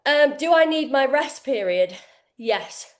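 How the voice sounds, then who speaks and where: A woman's voice: sits high, lively intonation, slow, reverberant. A woman fitness coach demonstrating exercises in her kitchen, talking casually and swearing freely while out of breath. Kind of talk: live online workout demonstration. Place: home kitchen, indoors.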